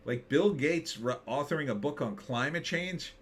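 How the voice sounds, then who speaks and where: A man's voice: on the high side, lively intonation, normal speed, husky. A man hosting a casual live stream, reading chat and joking sarcastically. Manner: sarcastic, jokey, mocking impressions.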